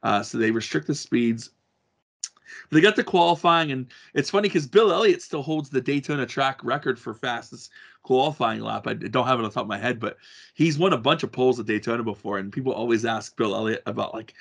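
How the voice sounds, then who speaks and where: A man's voice: medium pitch, expressive, fairly quick, gravelly. A man co-hosting a podcast, chatting casually about motor racing, rambling with many restarts and fillers. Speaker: podcast co-host. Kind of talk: casual sports chat.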